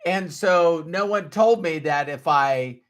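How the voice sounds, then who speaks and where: This is a man from North Dakota, USA, whose voice sits on the high side and who takes things slowly. On his casual live stream he acts as a motivational speaker, welcoming viewers by name and going over his main lines again with heartfelt emotion.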